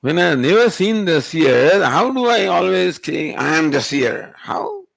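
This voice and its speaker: A man's voice: a little high, very animated, measured pace, vocal fry, a bit bright, no room sound. A male spiritual teacher, giving a Vedanta discourse and pressing the listener with rhetorical questions. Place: retreat hall.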